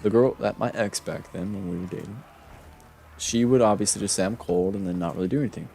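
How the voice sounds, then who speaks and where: A young man on a game stream rambles through a personal story, restarting his sentences and stacking up fillers. His voice sits low with a gravelly fry. A faint hiss of noise runs underneath. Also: quick pace, a little mellow. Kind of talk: casual storytelling while gaming.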